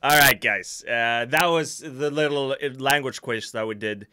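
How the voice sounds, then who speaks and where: With a smooth, medium-pitched voice and an unhurried pace, a Swedish man chats on a live stream in his Swedish accent. He's lively, laughing often and poking fun at himself.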